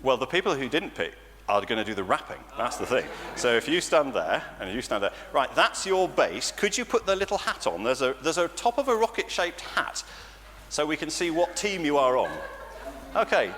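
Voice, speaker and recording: A lively English man speaks in a fairly high, bouncing voice as he gives a playful children's talk in church. His words ring out with a long church reverb over a faint hiss of background noise. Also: moderate pace. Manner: animated and playful, laughing often. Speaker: church leader.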